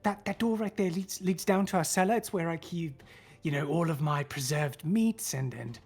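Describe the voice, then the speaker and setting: A woman's voice: sits low, moderate pace, darkish tone, breathy edge, faint music behind. A woman voicing a chatty, fussy older woman cook who rambles and dotes on children. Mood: doting. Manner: rambling, hesitant, doting.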